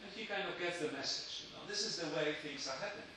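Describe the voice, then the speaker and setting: A man's voice: fairly high pitch, fast, pushed and bright, echoey room, slight background noise, low-quality recording. A man giving a lecture, hesitant with many fillers and dry joking asides.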